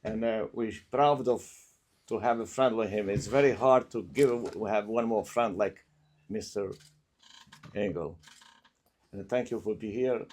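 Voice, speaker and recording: A man giving brief, halting tribute remarks at a memorial event. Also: fairly low pitch, a little mellow, slight background noise.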